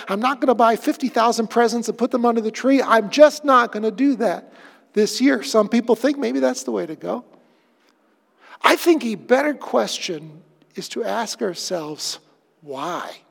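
Guy preaching a sermon, pretty high voice, chatty storytelling, long church-hall reverb. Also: creaky. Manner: conversational, animated storytelling preacher. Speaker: pastor.

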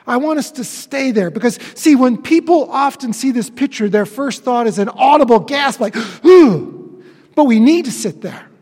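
High-voiced preacher in a reverberant sanctuary. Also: male voice, animated. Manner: emphatic, with dramatic pauses and swings from loud to hushed. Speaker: pastor. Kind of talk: sermon. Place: church sanctuary. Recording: long reverb of a church hall.

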